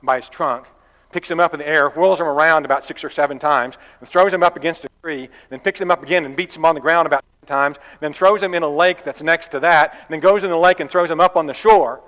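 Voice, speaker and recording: A man delivering a sermon in a church, his voice sitting a little higher than most men's. He talks in a relaxed, conversational way, with folksy asides. The hall gives it a long, ringing reverb. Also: quick pace. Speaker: preacher.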